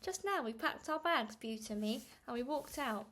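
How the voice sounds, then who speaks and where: A woman's voice: high voice, animated, normal speed, a bit bright. A woman reading aloud and voicing a timid young mother who speaks shakily and hesitantly through tears. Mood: shaky. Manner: shaky and hesitant.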